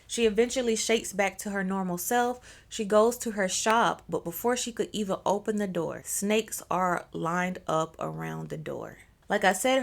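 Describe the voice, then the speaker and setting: A woman's voice: medium pitch, vocal fry. A young woman telling a story in a casual, chatty way, with slangy asides to her viewers. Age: young adult. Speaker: storyteller host.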